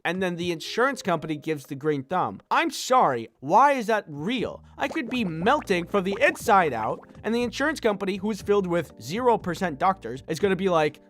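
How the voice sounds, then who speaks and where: A man's voice: high-pitched, moderate pace, hardly any pauses. A young man narrating a comedic storytime, dry and sarcastic, acting out the people he quotes. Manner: wry, animated, bitter sarcasm with voiced quotes. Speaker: animator and storyteller.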